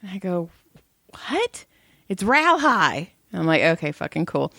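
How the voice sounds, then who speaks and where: A woman in her thirties chats on a podcast, telling profane, animated stories and laughing often. Her pitch leaps around as she tells them, and she sits close to a dry, roomless mic. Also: measured pace, gravelly, dry recording. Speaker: podcast co-host. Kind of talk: casual chat.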